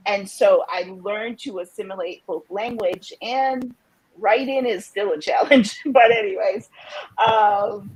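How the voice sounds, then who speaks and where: A woman from a Jamaican family, speaking as a panelist in a reflective, measured way. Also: medium pitch, breathy edge, low-quality recording. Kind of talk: casual panel discussion.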